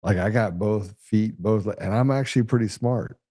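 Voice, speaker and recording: A man hosting a podcast, telling blunt, profane, animated stories in a casual conversational way. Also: lowish voice, moderate pace, no room sound, studio quality. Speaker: podcast host.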